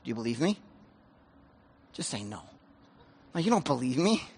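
A man preaching a sermon as pastor, animated, acting out dialogue and swinging between loud outbursts and hushed asides. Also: mid-range voice, moderate pace, long pauses, slightly rough, big-room sound. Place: church sanctuary.

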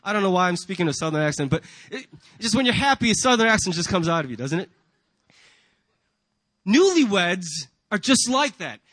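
A man's voice: high-pitched, sing-song, a little fast, pauses often, a bit bright, no echo. A man preaching a sermon to a congregation in a church, earnest and emphatic, often asking rhetorical questions. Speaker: pastor.

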